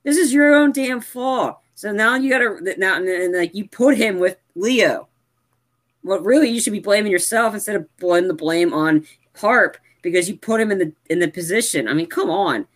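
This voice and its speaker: Podcast cohost going off about a movie, mid pitch, lots of likes, animated rant. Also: moderate pace. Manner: animated ranting with frequent "like" fillers. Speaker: podcast co-host. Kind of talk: casual movie review chat.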